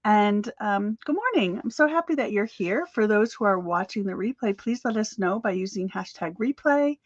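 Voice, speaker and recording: A woman's voice: mid-range voice, animated, moderate pace, no room sound, muffled recording. A woman coaching crochet sellers in a chatty, upbeat live stream, with fillers and little laughs. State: slightly out of breath.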